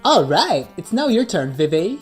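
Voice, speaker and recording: A woman's voice: fairly low pitch, big pitch swings, normal speed, darkish tone, slightly rough, faint music behind. A synthetic female voice playing a cheeky co-host with a put-on British accent. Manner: cheeky and full of slang.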